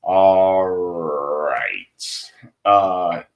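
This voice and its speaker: A man hosting a casual livestream, reading viewer comments aloud and chatting, growing loud and animated when heated. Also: low-pitched, drawn-out words, vocal fry. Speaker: livestream host.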